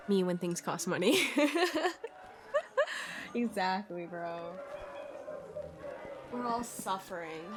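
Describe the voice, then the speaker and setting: A woman's voice: mid-range voice, expressive, drawn-out words, pauses often, noisy background. A young woman chats live with her viewers in a playful, giggly way. She talks close to a desk mic. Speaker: streamer. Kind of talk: live-stream chat while gaming.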